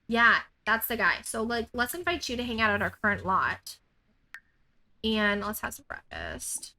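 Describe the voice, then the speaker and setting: A woman's voice: a little high, very animated, moderate pace, sharp tone, slight background noise. A woman giving chatty let's-play commentary, peppered with "like" and "um". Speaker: gaming YouTuber.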